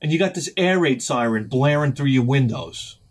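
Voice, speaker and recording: A middle-aged man telling a rambling, profane story as a video host, sometimes shouting as he acts out his panic. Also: mid-range voice, animated, normal speed, slightly rough. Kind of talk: casual storytelling vlog.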